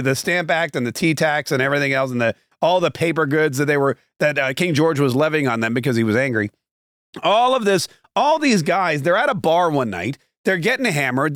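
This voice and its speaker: A man's voice: on the high side, a bit bright, no echo, studio quality. A man hosting his own podcast, telling opinionated stories in a loose, rambling way full of asides and fillers. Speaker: podcast and radio host. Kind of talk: solo talk-show monologue.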